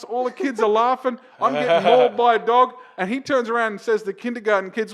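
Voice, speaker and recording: A man, a comedian guest on a casual podcast, telling a profane story that climbs to loud, excited retelling. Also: very high-pitched, fast, hardly any pauses.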